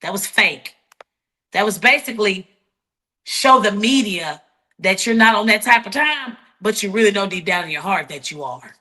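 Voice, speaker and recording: A woman being interviewed speaks in a bright, sharp voice. She is blunt and defiant, tells her story in quick bursts and restarts mid-thought. She sounds unapologetic and outspoken. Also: mid-range voice, animated. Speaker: interview guest. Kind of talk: heated interview talk.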